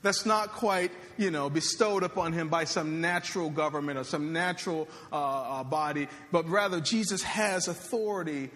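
A man's voice: a little high, animated, moderate pace, a bit bright. A man preaching a sermon as pastor in a conversational way, with joking asides. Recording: reverberant hall.

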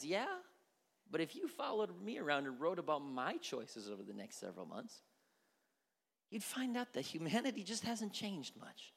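A male pastor preaching a sermon in a church, animated and dramatic, sometimes dropping to near-whispers. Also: a little high, normal speed, vocal fry. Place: church sanctuary. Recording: long church reverb.

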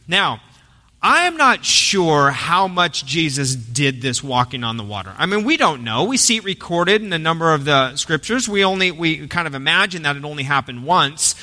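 A man preaching a sermon, telling the story in a lively way and acting out the quotes. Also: fairly high pitch, normal speed, in a large hall. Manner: animated storytelling with acted quotes. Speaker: pastor.

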